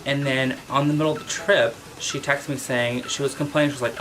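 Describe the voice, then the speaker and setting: A man vlogger telling a casual storytime about his pet, animated and full of exclamations. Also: medium pitch, brisk, few pauses, over music. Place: at home with his cat.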